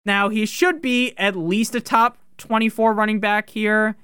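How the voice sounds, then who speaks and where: A man talks through a sports podcast in loose, profane commentary, full of jokes. His voice is smooth and resonant. The sound is close and dry, with no room around it. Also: sits high, fairly even intonation, sharp tone, dry recording. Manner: profane, joking, fast-talking. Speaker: fantasy football podcast host.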